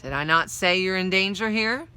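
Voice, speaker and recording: A stern, protective grown man of the road, as a woman reads him aloud, firm and warning in his words. The tone comes out bright and forward in a storybook reading. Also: mid-range voice, normal speed, clean tone, lightly acted. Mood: grave.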